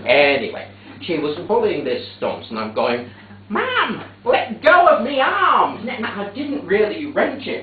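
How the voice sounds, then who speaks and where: A man performing a theatrical monologue on stage, telling the story in a fussy, prim, deadpan way. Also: a little high, slight background noise. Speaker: stage actor. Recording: echoey theatre, distant tinny capture.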